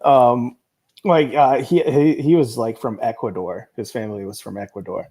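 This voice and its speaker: A man's voice: mid-range voice, steady tone, normal speed, mellow. A man co-hosting a podcast in casual chat, talking in a laid-back, hesitant way with many fillers. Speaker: podcast co-host.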